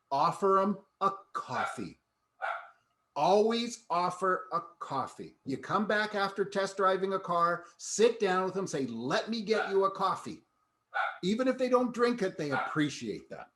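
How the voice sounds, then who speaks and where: Man, fairly high voice, easygoing panel host, video call audio. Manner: relaxed, conversational, moderating. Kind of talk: casual panel discussion.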